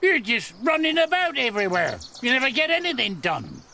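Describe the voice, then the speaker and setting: A lazy, cheeky builder in a medieval game who trades mocking jabs with a workmate. His voice is high and bright with a gravelly edge, and his pitch leaps around. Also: wildly swooping pitch, a little fast, a little hiss or hum, full character voice. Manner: mocking, bickering. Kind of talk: game voice acting.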